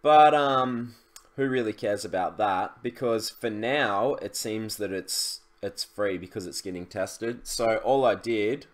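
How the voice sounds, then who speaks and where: A man's voice: on the low side, slow. A young man, chatting casually through a screen-share tutorial, loose and full of fillers and restarts. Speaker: e-commerce YouTuber.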